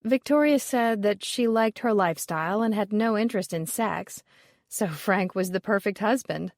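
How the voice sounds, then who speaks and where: A woman reading the part of a dismissive, sharp-tongued woman appraiser, with a wry, offhand delivery. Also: medium pitch, normal speed, no room sound, clean studio sound, natural voice.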